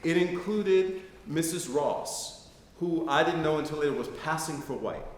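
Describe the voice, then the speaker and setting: A middle-aged American man with a fairly high-pitched voice talks a little slowly as a guest lecturer. Addressing a live audience, he shares personal stories in a conversational tone, frequently checking in with "right?". The recording carries hall echo and faint noise.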